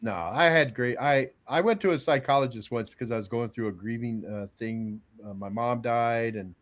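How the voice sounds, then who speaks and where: A man's voice: mid-range voice, moderate pace. An older man and podcast regular, telling rambling stories in casual chat and stumbling over words.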